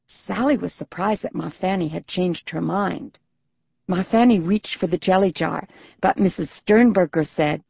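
A woman narrating a children's audiobook in a gentle, even storytelling manner. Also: fairly low pitch, measured pace, vocal fry, slightly rough, no echo, lo-fi sound. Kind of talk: scripted narration.

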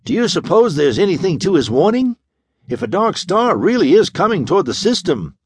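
Man doing a young excitable radio operator, eager, uncertain, lively pitch. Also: unhurried, husky, no room sound, studio quality, heavily acted. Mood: uneasy.

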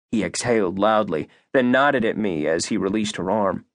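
Male audiobook narrator, first person, expressive and measured, dry close studio sound. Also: lowish voice, dry recording.

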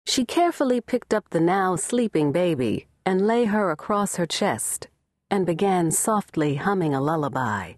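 A woman narrating a novel in a measured, expressive reading. Her voice sits low and swings widely in pitch, and she takes her time. It is recorded close and dry in a studio. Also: no echo. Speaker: audiobook narrator. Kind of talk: scripted narration. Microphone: close studio mic.

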